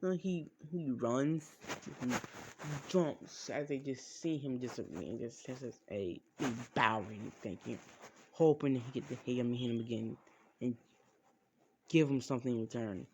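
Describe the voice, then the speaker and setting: A man improvising a fan story as narrator, rambling and halting with casual swearing. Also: mid-range voice, dark tone, a little hiss or hum.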